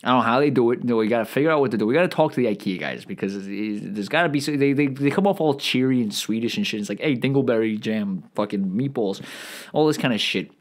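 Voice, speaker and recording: A man's voice: medium pitch, very fast, few pauses. A man holds forth alone on his podcast in a loose, profane comedic monologue. He stumbles and restarts constantly, repeating words before getting back on track. He sounds bloated and irritable. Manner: profane, rambling, frequent restarts and stammers. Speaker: podcast host.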